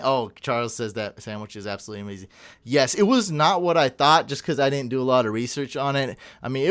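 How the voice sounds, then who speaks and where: Animated young man telling a story. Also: medium pitch, clean tone. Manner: animated storyteller, quick tangents and laughs. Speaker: podcast co-host. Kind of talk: casual chat.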